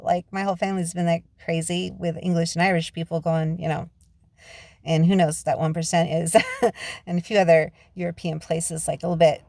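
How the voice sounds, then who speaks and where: A woman's voice: fairly low pitch, a little mellow, no room sound. A woman vlogging from inside her parked car on a handheld phone, talking in a chatty, rambling monologue that drifts into rants and digressions, with frequent laughs. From United States. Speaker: vlogger and author.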